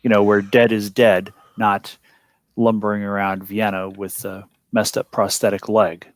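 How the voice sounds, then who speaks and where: A man chats as a player at a tabletop game, his voice sitting on the low side. He rambles and explains things animatedly, leaning on "like" and "you know." The sound is dry and close, with no room around it. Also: little pitch movement, measured pace, dry recording.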